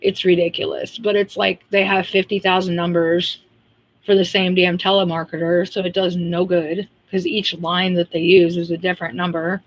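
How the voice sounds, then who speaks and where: A woman's voice: fairly low pitch, little pitch movement, normal speed, dull audio. A woman hosting a casual livestream, talking bluntly and ranting in an exasperated way, with frequent laughs. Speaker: livestream host.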